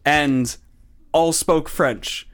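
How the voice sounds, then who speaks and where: A man's voice: a little high, drawn-out words, a bit bright, smooth. A man from New England co-hosting a casual podcast, blunt and swearing freely while telling family stories. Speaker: podcast co-host. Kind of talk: casual chat.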